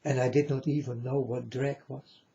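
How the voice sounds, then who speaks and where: Man, insistent repetitive preacher, deep dark timbre, muffled home audio. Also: little pitch movement, moderate pace, gravelly. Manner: repetitive, insistent, addresses listeners as folks. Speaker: self-styled religious speaker. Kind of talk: preaching monologue to viewers. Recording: dull lo-fi recording.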